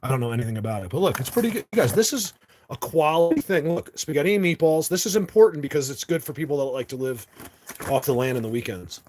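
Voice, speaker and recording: A man's voice: on the high side, lively intonation, quick pace, darkish tone, slight background noise. Rambling man chatting on a phone live stream. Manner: rambling, talks tough in jest. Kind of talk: casual live-stream chat.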